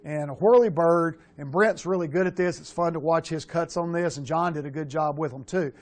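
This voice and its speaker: A middle-aged man coaching quarterbacks, talking bluntly through game film with casual swearing and animated asides. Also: on the high side, a little fast. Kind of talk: film breakdown coaching talk.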